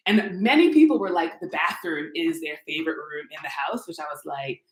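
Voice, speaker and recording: With a low voice and a slightly quick pace, a woman in her twenties shows live-stream viewers around her modern open-plan apartment. She's chatty and playful and addresses them directly. Echo fills the rooms, recorded on a camera mic as she walks through.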